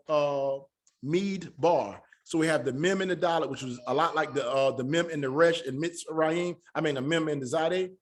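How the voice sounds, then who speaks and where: A man with a slightly high voice teaches a Hebrew lesson. He is patient and repeats each word slowly so his students can follow. His speech is casual and Southern-tinged, with "y'all" and an easy pace. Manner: patient, repeats words slowly to drill pronunciation. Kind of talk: classroom lesson.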